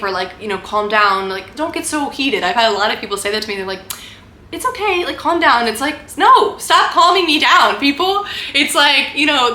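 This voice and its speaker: A woman's voice: mid-range voice, sharp tone. Fervent rambling young woman vlogger. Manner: rambling, fervent, lots of "like" and "right?". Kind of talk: impassioned spiritual monologue to camera. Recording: echoey room with faint background noise.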